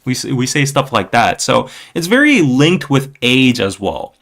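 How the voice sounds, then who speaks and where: A man's voice: mid-range voice, very animated, measured pace, a bit bright. A man in his thirties from South Korea, hosting a podcast in a loose, chatty way, full of fillers like "like" and "you know". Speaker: podcast host. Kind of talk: casual podcast chat.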